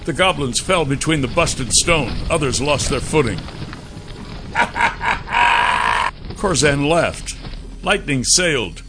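A man narrating a first-person fantasy audiobook with a dramatic, expressive reading. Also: fairly high pitch, a little slow, over loud music.

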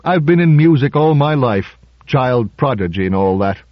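A man's voice: mid-range voice, animated, normal speed, dry recording, lo-fi sound, voice pushed up, natural voice. A man doing an uneasy, hesitant violinist. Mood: confiding. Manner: hesitant, defensive. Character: uneasy male concert violinist, guarded.

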